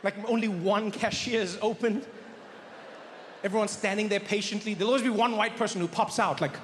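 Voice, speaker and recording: A man with a South African accent performing stand-up comedy, telling an animated story and acting out the other people in it. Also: sits high, fairly quick, a little hiss or hum.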